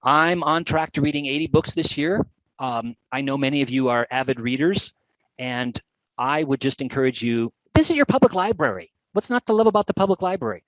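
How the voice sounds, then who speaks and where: A man giving a lively live webcast presentation on geography, chatty and animated. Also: mid-range voice, fairly quick, dry recording, lo-fi sound. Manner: animated, chatty, with playful put-on voices. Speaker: GIS educator presenting a webcast.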